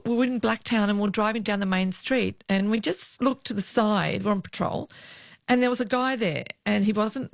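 Casting: woman, ex-cop guest, anecdotal and lively, dry close sound. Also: medium pitch, gravelly, no echo. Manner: lively anecdotal, acts out voices in quotes. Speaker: former police officer, guest. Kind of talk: storytelling interview.

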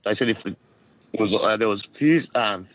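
A croaky Australian man in his fifties, calling in to a radio show, rambling and halting as he tells a story with many restarts. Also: lowish voice, no room sound. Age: 50s. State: croaky from a cold. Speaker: caller. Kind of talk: radio call-in chat. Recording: tinny phone line.

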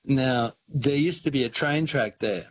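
A man's voice: mid-range voice, measured pace, no echo, rough recording. A man on his first call to a radio show, telling a story in a friendly, rambling way. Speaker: first-time caller. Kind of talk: phone-in storytelling.

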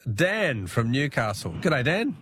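A man's voice: medium pitch, very animated, takes it slowly, a bit bright, a little hiss or hum. A man hosting a radio quiz and chatting with callers, laughing often. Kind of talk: casual talkback quiz.

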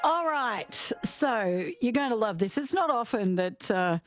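An Australian woman presenting a radio show, telling stories in a chatty, giggly and animated way. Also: a little high, unhurried, faint music behind. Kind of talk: casual radio chat.

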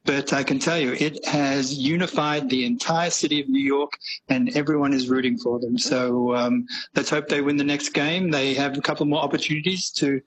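A man's voice: medium pitch, fairly even intonation, normal speed, slight background noise, poor audio. A man reporting live into a radio show, upbeat and full of fillers. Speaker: radio correspondent.

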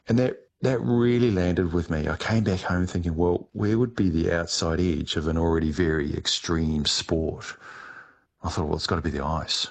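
A middle-aged man answering interview questions, telling his story in a relaxed way with some restarts. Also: deep voice, normal speed. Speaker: guest, ice diver.

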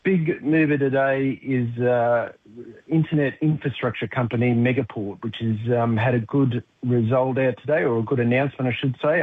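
A man giving a brisk, matter-of-fact market update, reading out prices. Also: medium pitch, husky, dry recording. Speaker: finance commentator. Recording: tinny phone line.

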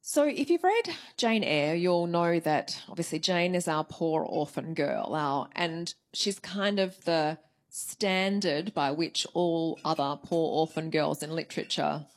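A woman's voice: sits low, lively intonation, measured pace. A woman novelist being interviewed, talking through her writing process in a thoughtful, conversational way. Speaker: novelist guest. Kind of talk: interview answers.

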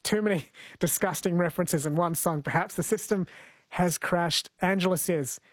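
A man's voice: sits high, moderate pace, no room sound, clean studio sound. A man hosting a radio show, chatting in a friendly way and laughing easily. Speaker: radio host. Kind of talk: casual radio chat. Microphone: studio mic.

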